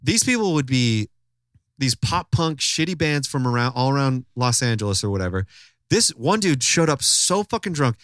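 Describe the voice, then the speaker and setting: Profane, animated male podcast host. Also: mid-range voice, normal speed, no room sound, studio quality. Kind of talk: casual storytelling chat.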